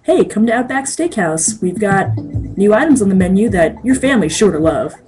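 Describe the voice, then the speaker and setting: A woman imitating a generic, cheerful male commercial announcer with a polished sales-pitch delivery. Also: expressive, moderate pace, a little mellow, soft background music, close to an everyday voice.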